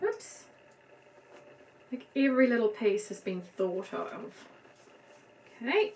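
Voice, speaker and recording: A middle-aged woman with a New Zealand accent, chatting casually as she dresses a doll, soft and gushing with murmured asides. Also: on the high side, a little hiss or hum, poor audio. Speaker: doll collector. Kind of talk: casual show-and-tell chat.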